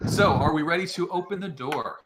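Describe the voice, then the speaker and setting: A man narrating as game master of an online tabletop game, halting often with filler sounds between phrases. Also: a little high, very noisy.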